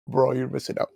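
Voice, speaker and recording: A man's voice: a little high, darkish tone, no echo. A young man co-hosting a podcast, telling rambling work stories with lots of slang and fillers. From Mexican background. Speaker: podcast co-host. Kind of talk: casual storytelling chat.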